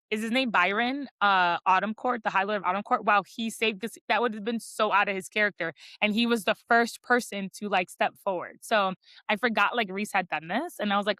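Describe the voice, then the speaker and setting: A woman's voice: medium pitch, pushed and bright, no room sound. A woman on a book podcast giving a casual, chatty chapter recap, full of "like" fillers and playful teasing. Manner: chatty, heavy use of "like" as filler; playful, teasing about spicy scenes.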